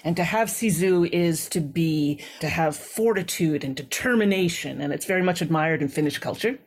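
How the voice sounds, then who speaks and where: A woman's voice: deep voice, moderate pace, slightly rough. A woman hosting an interview, musing thoughtfully and often checking in with her guest. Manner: thoughtful, musing, uses frequent tag questions. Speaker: interview host. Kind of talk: interview conversation.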